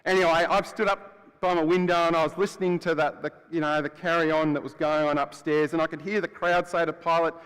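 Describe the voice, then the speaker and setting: A man preaching as the freed prisoner Barabbas, telling his story in the first person with a chatty, storytelling manner that swings between loud and hushed. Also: a little high, fairly even intonation, brisk, few pauses, smooth, close to an everyday voice. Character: adult male prisoner Barabbas, rough and blunt. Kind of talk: first-person dramatic monologue in a sermon. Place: church. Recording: long church hall reverb.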